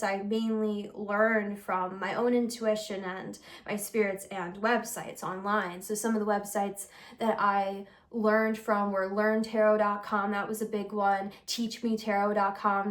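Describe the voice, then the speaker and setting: A young woman who reads tarot, chatting casually to camera in a rambling, confessional way, full of fillers and giggles. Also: medium pitch. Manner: earnest and confessional. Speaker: tarot reader and channel host. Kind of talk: casual vlog chat.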